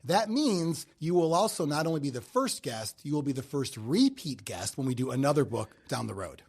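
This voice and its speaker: A middle-aged man with a Midwestern accent chats as a podcast guest, joking and telling animated stories. His voice is slightly husky and sits a bit high. His pitch swings widely as he talks. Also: normal speed. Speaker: podcast guest, radio personality. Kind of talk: casual chat. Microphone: home podcast mic.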